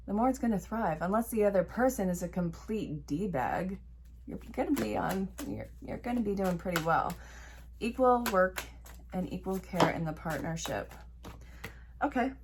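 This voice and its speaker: A woman's voice: lowish voice, darkish tone, slight background noise. Chatty woman doing a tarot reading. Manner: chatty, talks to the viewer and to spirit while drawing cards; encouraging, emphatic repetitions. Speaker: tarot reader and life coach. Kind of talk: casual tarot reading to camera.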